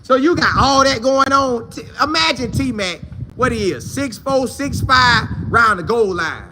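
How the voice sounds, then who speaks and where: A man hosting a sports talk show, chatting casually and answering viewer comments in a slangy, repetitive, animated way. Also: very high-pitched, unhurried, noisy background.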